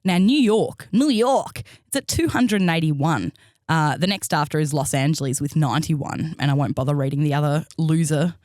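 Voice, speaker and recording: A woman's voice: low voice, normal speed, darkish tone, dry recording, clean studio sound. A woman, co-hosting a comedy podcast, blunt and casual, swearing freely. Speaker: podcast co-host.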